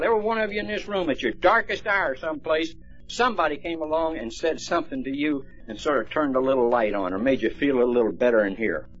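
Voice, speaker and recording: Folksy man giving a recovery talk. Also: a little high. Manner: folksy storytelling, plainspoken. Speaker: speaker at a recovery meeting. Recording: dull lo-fi recording, faint music.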